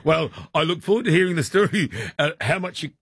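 An Australian man co-hosting breakfast radio, dropping quick jokes and brief replies. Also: fairly high pitch, a bit bright, slightly rough, dry recording, clean studio sound. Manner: jokey, brief interjections. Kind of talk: casual radio chat. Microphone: studio microphone.

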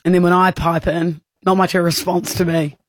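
A man's voice: sits high, level tone, a little fast, no echo. A man with an Australian accent co-hosting radio, complaining in a mock-offended way about being left out. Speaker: radio co-host. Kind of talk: banter on breakfast radio.

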